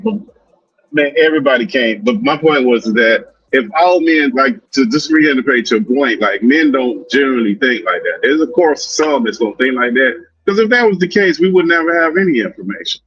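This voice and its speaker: A man's voice: medium pitch, expressive, normal speed, fairly bright tone. A man co-hosting a casual talk show, talking emphatically and complaining, tacking "man" onto his sentences, heard over dull lo-fi remote audio. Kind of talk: casual podcast chat.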